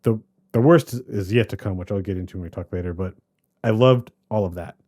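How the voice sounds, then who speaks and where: A man co-hosting a podcast, chatting casually about a movie in a rambling, animated way that keeps trailing off and restarting. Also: lowish voice, a little fast. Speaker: podcast co-host. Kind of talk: casual movie review chat.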